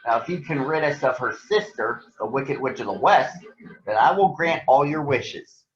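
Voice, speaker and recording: A man's voice: mid-range voice, lively intonation, moderate pace, lightly acted. A man voicing a grand, commanding wizard from a storybook, in a stately manner. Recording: roomy, dull sound.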